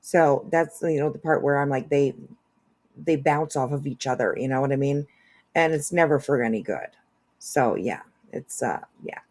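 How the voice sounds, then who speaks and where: A woman's voice: a bass voice, moderate pace, a little mellow. A woman hosting a casual commentary video, rambling with lots of fillers and restarts. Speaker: commentary channel host.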